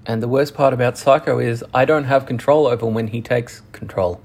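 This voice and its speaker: A young man telling a personal story frankly and profanely, halting often with restarts. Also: medium pitch, steady tone, vocal fry, darkish tone. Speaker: channel host.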